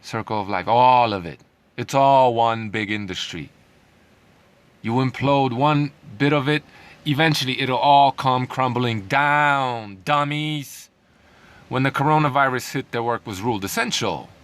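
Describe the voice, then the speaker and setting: A man's voice: mid-range voice, a little slow, a bit bright, smooth. Sarcastic man ranting over the news. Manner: sarcastic, heated, mocking laughs. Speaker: commentary vlogger. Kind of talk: ranting commentary reading news.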